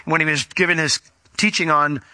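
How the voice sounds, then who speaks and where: Bright animated man preaching a sermon. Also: a little high, moderate pace, dry recording. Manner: animated, acts out quoted shouts. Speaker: pastor. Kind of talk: expository sermon.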